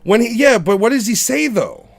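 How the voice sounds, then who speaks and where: A man's voice: very high-pitched, expressive, normal speed, creaky. A man hosting a podcast, ranting in casual, profane chat. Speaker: podcast host.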